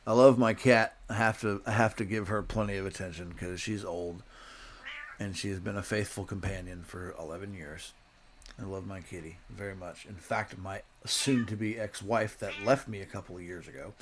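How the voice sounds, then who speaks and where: A man's voice: lowish voice, moderate pace, noisy background. A middle-aged man hosting a live-stream commentary, ranting bluntly and swearing as he reacts to news clips.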